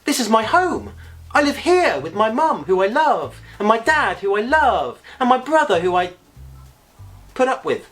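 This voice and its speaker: A man's voice: high-pitched, sing-song, a little slow, fairly bright tone, faint music behind, pitched above the performer's own voice, full character voice. A man voicing a kind, cheerful little fairy princess girl for a bedtime storybook. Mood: sweet.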